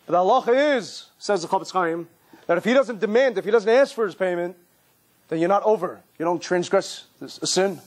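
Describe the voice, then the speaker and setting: A man who is a rabbi, giving a lively sermon-style lecture with emphatic repetition and vivid storytelling. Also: high voice, a little fast.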